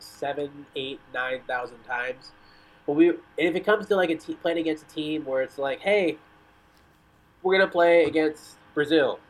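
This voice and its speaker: Appearing as a guest on a soccer podcast, a man with a medium-pitched voice talks casually and rambles through stories stuffed with "like" and "you know." The recording is rough.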